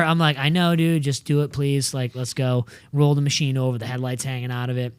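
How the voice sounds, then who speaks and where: A man from New England co-hosting an off-road show, telling a story in a lively, casual way, swearing freely and acting out the other people in it. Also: medium pitch, brisk, hardly any pauses, smooth, no room sound, studio quality. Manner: animated, swears freely, acts out quoted voices. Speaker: co-host.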